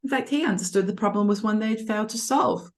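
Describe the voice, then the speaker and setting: A woman's voice: mid-range voice, quick pace. A young adult woman teacher walking students through reading test answers in a chatty, reassuring way. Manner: chatty, reassuring, acts out example voices. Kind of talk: online tutoring lesson.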